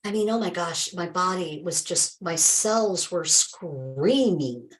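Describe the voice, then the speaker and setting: A woman's voice: fairly low pitch, animated, takes it slowly, poor audio. A woman hosting a live stream as a health coach, speaking in an emphatic, chatty way, calling viewers by name and peppering her advice with exclamations and remarks of faith.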